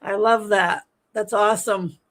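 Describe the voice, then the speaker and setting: A middle-aged woman hosting a casual livestream, chatting and reading viewer comments aloud in a lively, talkative way. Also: mid-range voice, unhurried. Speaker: livestream host.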